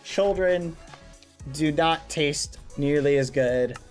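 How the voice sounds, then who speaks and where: A man's voice: a little high, takes it slowly, darkish tone, soft background music. A male streamer telling a rambling, playful story to his live chat, full of fillers and asides.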